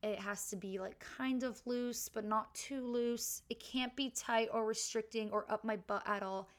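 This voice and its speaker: A woman's voice: on the high side, steady tone, moderate pace. A woman hosting her own podcast, telling a rambling, self-deprecating story in a chatty, casual way into a home mic. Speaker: podcast host. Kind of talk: casual story-time monologue. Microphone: home podcast mic with wire.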